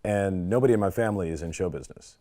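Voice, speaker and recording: A man from Los Angeles talking casually in an interview, relaxed and quick to laugh. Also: deep voice, heavy background noise. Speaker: interview guest.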